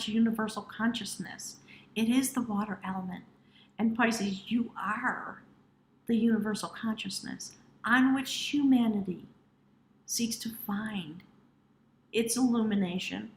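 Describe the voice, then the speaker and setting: A woman's voice: mid-range voice, fairly even intonation, normal speed, a little mellow, reverberant, slight background noise, rough recording. Earnest woman giving a tarot reading. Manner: earnest, addresses the viewer directly. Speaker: tarot reader. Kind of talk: intuitive tarot reading to camera.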